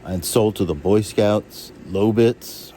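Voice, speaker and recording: A man telling rambling, halting stories about his childhood, jumping from one memory to the next. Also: slight background noise, poor audio. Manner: rambling, halting, restarts and jumps between stories; shouts and jumps high when acting out others. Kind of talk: rambling personal storytelling.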